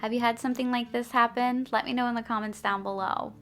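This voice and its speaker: A woman's voice: a little high, fairly even intonation, fast talker, fairly bright tone. A woman in her thirties, a behavior analyst, giving parenting advice to camera in a friendly, chatty way. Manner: friendly, chatty, laughs between points. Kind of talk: direct-to-camera parenting tips.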